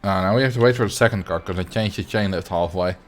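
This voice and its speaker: Low-voiced and quick, a young Dutch man streams a game and chats in a relaxed way. As he builds, he laughs often and murmurs to himself.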